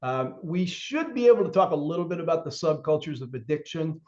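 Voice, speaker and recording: A man with a somewhat high voice leads a training session, talking loosely and filling his pauses with ums and uhs. The audio is dull and lo-fi, as over a web call. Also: very animated, a little mellow. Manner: conversational, many fillers, reads through objectives.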